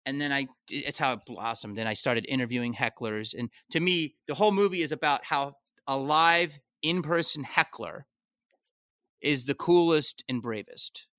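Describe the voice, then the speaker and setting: A man, a comedian guest on a podcast, telling stories in a casual, animated way, swearing and jumping into high-pitched outbursts. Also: moderate pace, no echo, studio quality.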